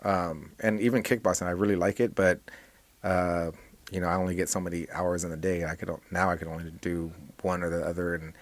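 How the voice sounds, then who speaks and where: A man with a very low voice, talking casually as a podcast guest. He rambles in a relaxed way, restarting his sentences and filling pauses as he explains how he teaches. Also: no room sound. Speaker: jiu-jitsu instructor and guest.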